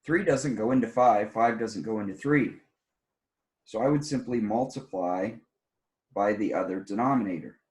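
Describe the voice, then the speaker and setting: A man's voice: lowish voice, normal speed, a little mellow. A tired man teaching a recorded algebra lesson, walking through problems step by step and stressing the rules plainly. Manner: plainspoken, repeats key rules with emphasis. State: tired, yawning. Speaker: math teacher. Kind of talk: recorded classroom math lesson.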